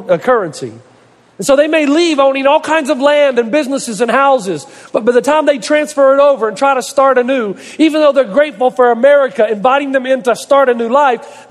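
High-voiced preaching man in a reverberant hall. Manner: emphatic preaching with long repeated lists. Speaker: pastor. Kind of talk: sermon.

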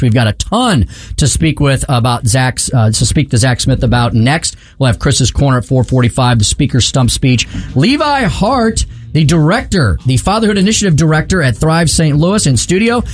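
A man hosting a political talk radio show in a studio, talking in a brisk, emphatic way. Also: mid-range voice, lively intonation, no echo. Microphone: studio microphone.

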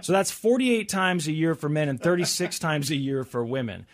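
A man's voice: on the high side, lively intonation, moderate pace. A man hosting a casual chat, reading out survey figures and adding wry comments. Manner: reads out survey stats with wry asides. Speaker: podcast host.

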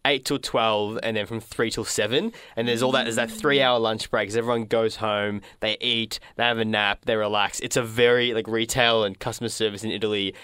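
A young Australian man with an Australian accent, chatting casually and telling relaxed stories. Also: on the low side, a little fast, hardly any pauses, smooth, no room sound, studio quality. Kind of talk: casual chat.

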